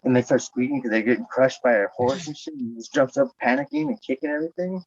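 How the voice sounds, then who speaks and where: A man's voice: medium pitch, huge pitch swings, quick pace, creaky, breathy edge, no echo. A man in casual podcast chat, profane and rambling, raising his voice when he acts out what he said. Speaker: podcast host. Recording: dull lo-fi sound.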